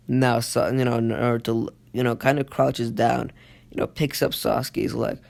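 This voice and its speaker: Rambling young man with a creaky voice. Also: medium pitch, flat delivery, moderate pace. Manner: rambling, lots of fillers and self-corrections. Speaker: fan storyteller. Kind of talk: casual improvised storytelling.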